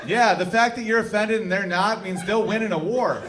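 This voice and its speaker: A man's voice: high-pitched, brisk, noisy background. A man doing stand-up comedy on a stage, riffing brashly with the crowd and playing a guitar. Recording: roomy live room with loud guitar.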